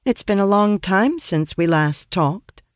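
A man's voice: high voice, steady tone, moderate pace, clear, resonant tone, no echo, clean studio sound, pitched above the performer's own voice, natural voice. A man voicing a poised young woman mage who speaks coolly and composedly. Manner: cool and composed.

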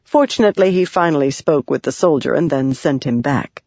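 An audiobook narrator reading a fantasy novel in an even, measured way. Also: medium pitch, husky, no room sound. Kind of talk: scripted narration. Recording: dry, dull lo-fi sound.

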